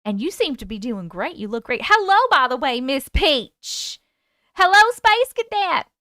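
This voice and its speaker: A woman's voice: sits high, sing-song, unhurried, sharp tone, no echo, clean studio sound. A woman hosting a casual livestream chat, upbeat and chatty as she answers viewer comments. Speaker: livestream host.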